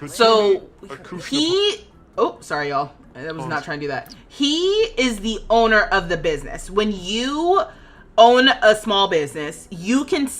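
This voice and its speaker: Lively, bright-voiced woman streamer. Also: medium pitch. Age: 30s. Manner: exasperated, dramatic rants with loud outbursts and laughter. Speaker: game streamer. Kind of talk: livestream gameplay commentary.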